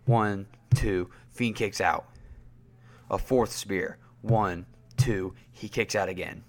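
A man with a low voice hosts a casual wrestling podcast, speaking at a slow, unhurried pace. He rambles through his recap with plenty of fillers and restarts. When he gets worked up, his voice jumps up high. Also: steady tone. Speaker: podcast host.

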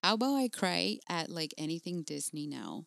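A woman with a slightly low voice co-hosts a podcast about being a mother. She talks in an excitable, slangy way and swears freely. The sound is close and dry. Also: moderate pace, vocal fry, dry recording. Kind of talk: casual chat.

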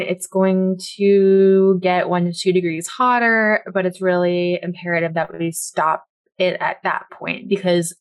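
A woman's voice: on the low side, fairly even intonation, unhurried, clear, resonant tone. Exasperated woman podcast co-host. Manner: casual, exasperated, lots of "like". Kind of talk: casual podcast chat.

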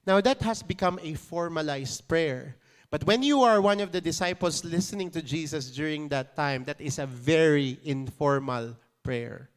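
Filipino-accented male pastor, conversational sermon, clean smooth voice. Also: fairly high pitch, moderate pace. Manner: conversational, mixing in playful asides and chuckles.

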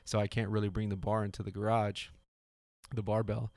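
A man's voice: fairly low pitch, little pitch movement, a little fast, a little mellow, no echo, studio quality. A man in his thirties hosting a podcast, talking in a casual, earnest motivational monologue with many restarts. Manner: earnest, repeats himself, restarts often. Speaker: podcast host. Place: home garage.

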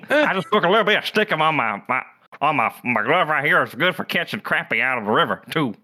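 A man's voice: a little high, very animated, drawn-out words, pushed and bright, dry recording, studio quality, pitched above the performer's own voice, exaggerated voice. A man putting on a twangy Appalachian country drawl, doing a football star on the sideline. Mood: goofy.

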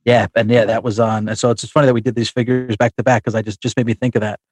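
A man's voice: medium pitch, flat delivery, very fast, a little mellow, no room sound. A man co-hosting a casual podcast, telling a long story with many restarts and fillers. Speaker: podcast co-host. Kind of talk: casual chat about wrestling figures.

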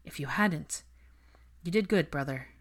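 A woman voicing a weakened, apologetic young man in a storybook reading, speaking softly in her own low voice. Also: animated, unhurried, breathy edge, heavily acted. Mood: weary.

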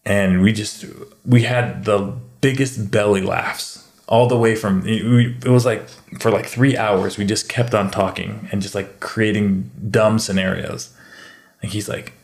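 A man chatting casually and telling animated stories, sometimes slipping into mimicked accents. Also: lowish voice, measured pace, vocal fry. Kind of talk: casual chat. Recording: echoey room.

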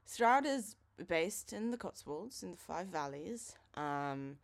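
A woman's voice: lowish voice, big pitch swings, slow pace, vocal fry. Chatty young woman podcast co-host. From England. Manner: chatty, rambling with many fillers. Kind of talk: casual chat.

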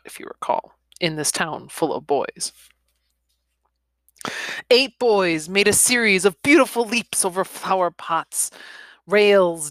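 A woman reading a story aloud in a soft, expressive voice that often drops into a whisper. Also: fairly low pitch, no room sound. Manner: soft, partly whispered delivery.

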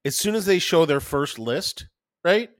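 A man co-hosting a podcast in casual chat, excitable and swearing constantly. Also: on the high side, a little slow, no room sound, studio quality. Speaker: podcast co-host.

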